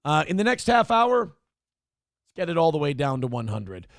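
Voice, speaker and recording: A man's voice: on the high side, sing-song, normal speed, no room sound. Man, morning show host, profane, joking about the news, dry close sound. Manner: irreverent, riffing, profane. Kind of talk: comedic news talk.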